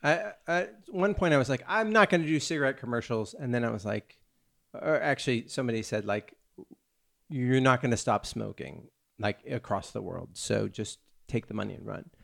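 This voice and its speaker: A man with a gravelly, creaky edge to his voice, chatting casually. He tells a long, rambling story, stopping and restarting his sentences as he goes. The tone is loose, podcast-style conversation. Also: mid-range voice, normal speed, fairly bright tone. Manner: rambling, self-interrupting storyteller. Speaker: actor and podcast co-host. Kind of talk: casual chat.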